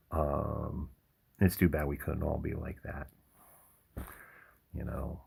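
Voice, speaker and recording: A man hosting a livestream, telling rambling stories in a relaxed chat with frequent chuckles. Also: very deep voice, slow, creaky, long pauses, a little hiss or hum. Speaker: livestream host. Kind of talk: casual chat.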